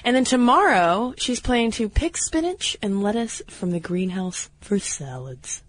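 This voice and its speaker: A woman co-hosting a podcast in casual chat, wry and quick to laugh, a little hoarse from a cold. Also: medium pitch, expressive, dry recording. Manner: chatty, wry, laughs easily. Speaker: podcast co-host.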